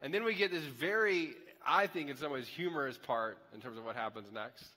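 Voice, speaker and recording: A man preaching a sermon as pastor, conversational and animated, with chatty asides. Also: mid-range voice, a little fast. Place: church auditorium. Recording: echoey hall.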